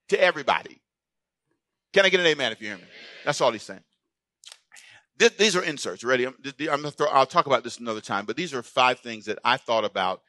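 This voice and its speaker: A man's voice: high voice, bright, forceful tone, dry recording. A man preaching a sermon as pastor, playful and calling out to his congregation for responses.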